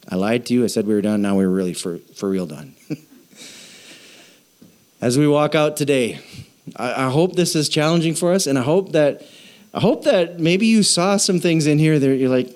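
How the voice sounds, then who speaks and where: A man, a pastor, preaching a sermon in a playful way, acting out little dialogues in quick voices. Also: medium pitch, expressive, a little mellow.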